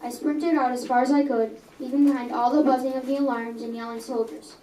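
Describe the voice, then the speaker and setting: A woman's voice: high voice, level tone, fairly quick, warm tone, a little hiss or hum. A young reader reading her own story aloud in a coffee house, earnest, with small stumbles and self-corrections. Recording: echoey room, mic at a distance.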